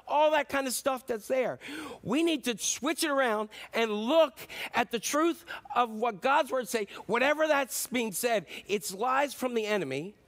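A man preaching a sermon as pastor, animated and joking with the congregation, acting out shouts and voices. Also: very high-pitched, normal speed. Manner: jokes with the audience.

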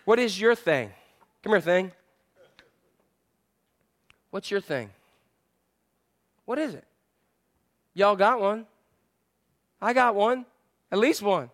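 High-voiced, animated male pastor. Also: slow, long pauses. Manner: animated, playful, repeats phrases. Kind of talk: sermon.

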